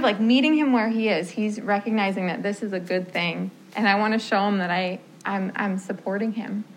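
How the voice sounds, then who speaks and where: A woman's voice: medium pitch, slight background noise, poor audio. Chatty storytelling woman music therapist. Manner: storytelling with quoted dialogue, frequent um and like. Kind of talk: informal talk to fellow music therapists.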